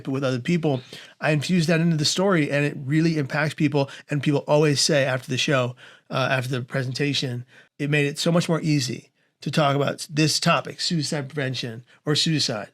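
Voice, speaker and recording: A man in his forties, a guest on a podcast interview, telling his story with humor, often laughing and acting out voices. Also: fairly high pitch. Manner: animated, humorous storyteller who laughs through his anecdotes; acts out voices in his quoted dialogue. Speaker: guest speaker.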